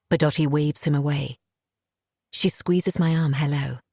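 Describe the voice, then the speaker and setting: A woman narrates a thriller in a low, husky voice, her first-person telling tense and haunted. The studio sound is close and completely dry. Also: a little mellow, no room sound. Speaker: audiobook narrator.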